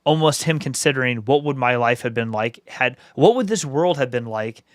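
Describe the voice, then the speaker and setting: A man's voice: medium pitch, lively intonation, normal speed, no echo, studio quality. A man co-hosting a casual review podcast, talking things through in a thoughtful, reflective way. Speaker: podcast co-host.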